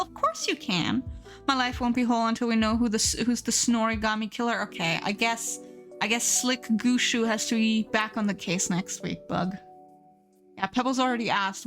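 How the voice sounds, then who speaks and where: Woman streamer, kinda high voice, giggly and goofy, reading chat, quiet music in the back. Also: moderate pace. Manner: giggly, playful, reads chat aloud. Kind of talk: casual live-stream chat.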